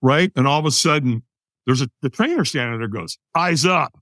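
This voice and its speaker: A man's voice: mid-range voice, lively intonation, fairly quick, a bit bright, no echo. A man in his sixties, a podcast guest from the United States, telling a personal story with vivid energy and acting out the other people in it. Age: 60s. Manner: vivid storyteller who acts out quoted voices.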